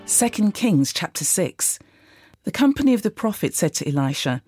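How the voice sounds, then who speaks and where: Measured woman reading scripture aloud. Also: sits low, very animated, warm tone, slightly rough, dry recording, clean studio sound. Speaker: Bible reader.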